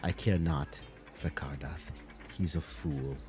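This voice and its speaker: A man voicing a sultry female spirit who speaks into a hero's mind, low and slow. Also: a little mellow, faint music behind. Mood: scornful.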